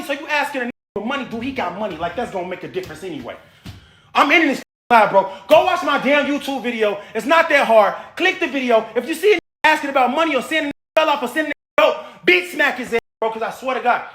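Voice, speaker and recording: Dude with a really high sharp voice yelling and cussing at his live chat, echoey room. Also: lively intonation, fast talker. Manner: heated, cursing, shouting at viewers. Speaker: livestreamer. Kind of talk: livestream rant to chat. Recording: roomy echo.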